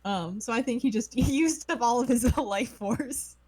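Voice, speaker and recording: A woman's voice: on the high side, moderate pace, darkish tone, breathy edge. Giggly young woman streamer. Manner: rambling, giggly. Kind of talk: casual let's-play chat.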